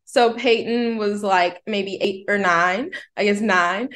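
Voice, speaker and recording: A woman's voice: mid-range voice, slow, a bit bright. Chatty woman telling a family story. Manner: chatty, rambling, many "like" fillers. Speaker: podcast co-host and mother. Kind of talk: casual storytelling chat.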